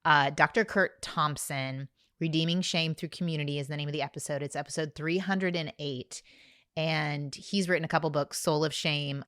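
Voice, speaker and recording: A woman's voice: deep voice, fairly even intonation, moderate pace, fairly bright tone, clear, resonant tone, dry recording, clean studio sound. A woman, hosting a podcast and introducing clips to listeners in an emphatic way. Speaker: podcast host. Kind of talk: podcast commentary.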